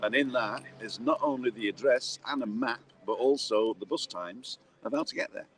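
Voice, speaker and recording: A man's voice: mid-range voice, very animated, normal speed, a bit bright. Joking guy on a live chat stream, reads out viewer comments. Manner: playful, puts on a voiceover announcer delivery. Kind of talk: casual chat, reading out viewer messages. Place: Tenerife.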